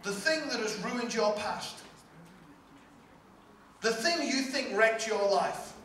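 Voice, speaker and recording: A man's voice: high-pitched, animated, slow, bright, forceful tone, a little hiss or hum. A male pastor preaching a sermon with emphatic, repetitive rhetorical build-ups. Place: large church hall. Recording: echoey hall from far off, faint ambience.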